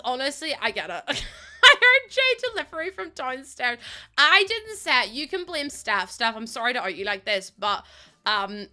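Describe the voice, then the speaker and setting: A woman's voice: fairly high pitch, pushed and bright. A young British woman streaming live from home, chatting casually with viewers, laughing often and swinging between playful squeals and mock grumbling. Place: home room.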